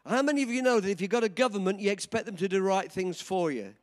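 An older man in his seventies preaching a sermon, telling a story with dramatic swings from quiet to shouting. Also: high-pitched, quick pace. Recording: long reverb of a large hall.

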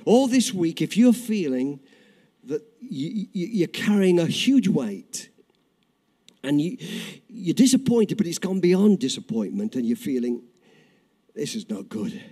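An older man preaching a sermon and telling a personal story, in an animated, repetitive storytelling way. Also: on the high side, unhurried, slightly rough. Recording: reverberant hall.

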